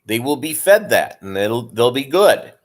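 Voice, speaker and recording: A man's voice: medium pitch, sing-song, measured pace. A man who breeds fish, chatting casually and rambling on his live stream and calling viewers "gang".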